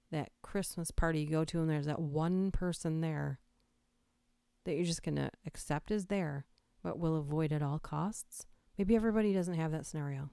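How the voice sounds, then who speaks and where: A low, dark-toned woman's voice comes through a close microphone in a dry, studio-quality recording. She's a livestream host at home, giggly and chatty, a little stuffy from allergies, reading creepy lines aloud and whispering them.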